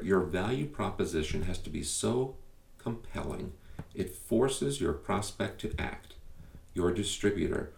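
Gravelly-voiced man talking to listeners. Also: on the low side, darkish tone, recorded from a distance. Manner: emphatic, conversational, rhetorical questions. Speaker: podcast host. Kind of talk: direct-to-listener podcast monologue. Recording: echoey room, a bit off mic.

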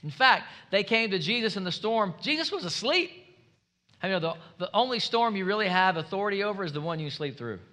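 High, bright-voiced energetic male preacher. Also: fairly quick. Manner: energetic, preaching with humor, builds to shouts. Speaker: pastor. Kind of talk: sermon.

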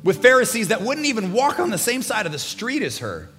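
A male pastor preaching a sermon, animated and emphatic, swinging from hushed lines to loud bursts. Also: high-pitched, a little fast. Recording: long hall reverb with faint music.

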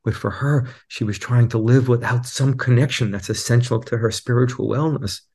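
A man speaking as a guest teacher in a reflective podcast conversation, an animated storyteller who acts out quotes in a raised voice. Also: medium pitch, normal speed, slightly rough.

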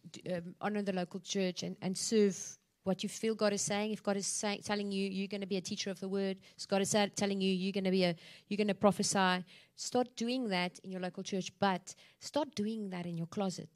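A woman speaks on a church panel in an exhorting tone, stacking repeated phrases to drive home her point. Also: medium pitch. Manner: exhorting, repetitive emphasis.

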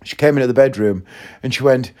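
A man hosting his own podcast in a casual solo monologue. He rambles, thinks out loud mid-sentence and swears freely. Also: mid-range voice, quick pace. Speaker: podcast host.

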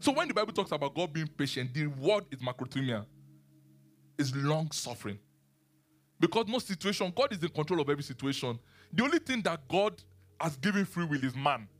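A man preaching a sermon and teaching the Bible, animated, asking his listeners questions and laughing often. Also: on the high side, brisk.

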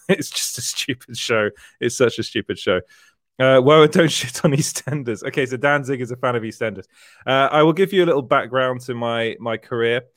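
A man hosts a relaxed livestream, chatting through viewer comments and laughing often as he rambles. His voice sits at an ordinary middle pitch, and the sound is dry and close, with no room echo. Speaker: livestream host, entertainment journalist. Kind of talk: casual livestream chat reading viewer comments.

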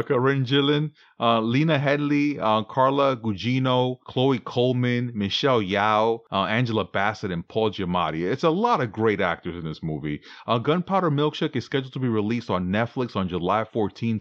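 Podcast co-host, male, bright animated delivery, rambling and self-mocking, slightly dull dry recording. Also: medium pitch, dry recording. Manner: rambling, laughs at himself. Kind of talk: casual podcast chat.

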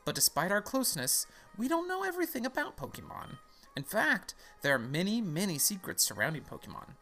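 A man's voice: sits high, wildly swooping pitch, a little fast, bright, forceful tone, soft background music, pitched above the performer's own voice, heavily acted. A man voicing a cheerful middle-aged male Pokemon professor, with a grand, welcoming, sing-song delivery. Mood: grandly welcoming.

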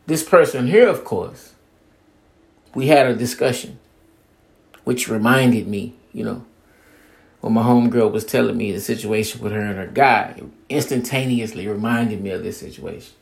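A man's voice: lowish voice, moderate pace, creaky. A man hosting a podcast, talking in a casual, profane, streetwise monologue and mocking other people's demands with "blah, blah". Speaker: podcast host.

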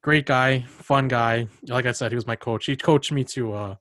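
A man's voice: mid-range voice, normal speed, a bit bright, no room sound. Chatty young man with a dry close sound. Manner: rambling storyteller, many fillers and laughs. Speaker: podcast host. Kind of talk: casual chat.

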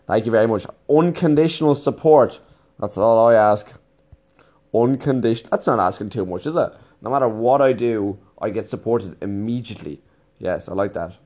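A man's voice: lowish voice, moderate pace, mellow. A man telling a rambling, casual anecdote, swearing freely as he goes. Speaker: teacher and storyteller.

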